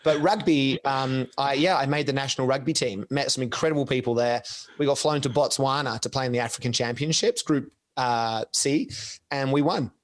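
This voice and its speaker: A man in his forties, a podcast guest telling rambling, animated stories with quick laughs, on a close, dry microphone. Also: medium pitch, no echo. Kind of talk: casual storytelling chat.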